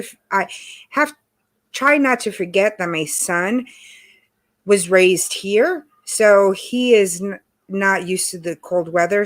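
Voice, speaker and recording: Woman, hoarse voice, casual livestream host, chatty, greets viewers. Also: medium pitch, fairly bright tone. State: hoarse from allergies and cold. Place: home in Texas.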